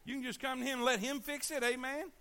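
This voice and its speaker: A man's voice: very high-pitched, steady tone, fast, sharp tone. A man preaching a sermon, emphatic, repeating himself and asking the congregation to answer back. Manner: emphatic, repeats words and asks the congregation for replies. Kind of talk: sermon on sharing the gospel.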